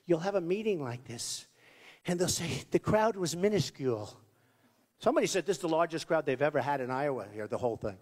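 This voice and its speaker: Boastful candidate with a lively, high voice. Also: male voice, a little fast. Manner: rambling, boastful, repeats himself. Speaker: political candidate. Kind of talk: campaign rally speech. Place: large rally venue. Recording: long reverb of a large hall.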